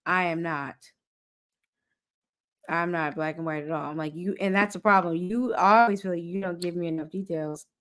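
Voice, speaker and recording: A woman's voice: fairly low pitch, moderate pace, fairly bright tone. A woman co-hosting a casual chat, blunt and exasperated, swearing freely as she presses her point.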